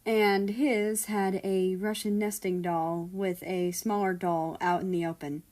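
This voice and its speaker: A woman reading a fan fiction story aloud in a steady, storytelling way. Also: medium pitch, unhurried. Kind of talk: scripted narration of a fan story.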